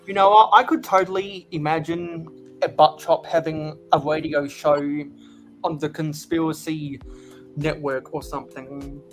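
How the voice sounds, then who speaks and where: Halting, chatty male stream host. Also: a little high, steady tone, faint music behind. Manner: halting, lots of restarts. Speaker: livestream host building sets. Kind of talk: casual chat.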